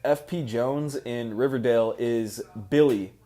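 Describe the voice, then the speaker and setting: A man co-hosting a casual podcast, chatty and relaxed, swapping trivia with his friend. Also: mid-range voice, unhurried. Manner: chatty, says "dude" a lot, trades trivia. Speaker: podcast co-host. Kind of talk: casual chat.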